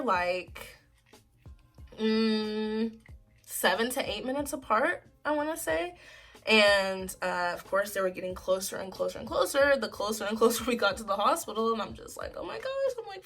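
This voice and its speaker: In a laid-back vlog, a twenty-something woman with a medium-pitched, slightly bright voice recounts something personal. Her telling is emotional and meandering, full of "like" and "freaking."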